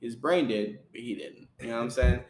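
A man's voice: medium pitch, brisk, darkish tone, slight background noise. A young man with a mid-range voice talks through a wrestling match move by move, rambling and filling gaps with ums and uhs. He sounds like he is in a roomy space with noticeable echo. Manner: rambling play-by-play, many fillers and laughs. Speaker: podcast co-host recapping wrestling. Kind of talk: casual chat.

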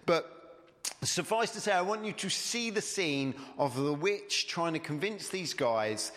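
A man with a slightly high, expressive voice and a fairly bright tone preaches a sermon at a somewhat slow pace. Conversational and digressive, he retells a story aloud before turning to the Gospels. Long hall reverb fills the recording.

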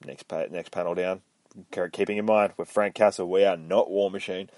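Male podcaster, low voice, swears a lot, rambling comic recap, dry close sound. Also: fairly even intonation, normal speed, a little mellow, no echo. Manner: profane, rambling, self-mocking. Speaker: podcast host. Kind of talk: casual comic book recap.

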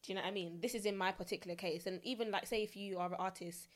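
A woman's voice: mid-range voice, fairly even intonation, racing. A woman hosting a podcast, chatting casually and animatedly and laughing easily as she talks through her ideas. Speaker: podcast host.

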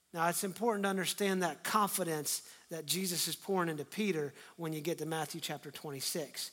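A middle-aged pastor delivers a sermon in a fairly high voice. He acts out scripture dialogue with feeling and drops to a hush before building back up to loud, emphatic lines. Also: fairly even intonation, brisk, hardly any pauses.

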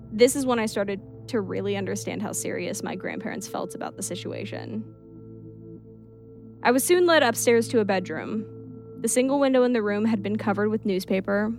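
A woman narrates a spooky first-person tale in an even, mid-pitched voice. She keeps a steady storytelling pace and drops into relaxed asides now and then. Soft music plays quietly underneath. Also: creaky. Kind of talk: reading a creepy story aloud.

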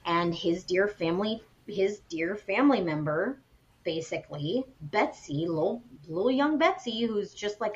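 A woman co-hosting a podcast, retelling a spooky story in a casual, animated way with plenty of fillers. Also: mid-range voice, muffled recording. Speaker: podcast co-host.

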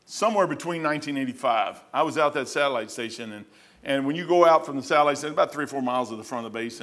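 A man's voice: mid-range voice, a bit bright. A middle-aged man preaching, telling a story in a rambling way with many restarts. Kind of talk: sermon storytelling.

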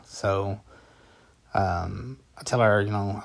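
A man casually telling a personal story as a vlogger, rambling and conversational with a calm, matter-of-fact delivery. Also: on the low side, measured pace. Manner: rambling and conversational, with frequent fillers and restarts.

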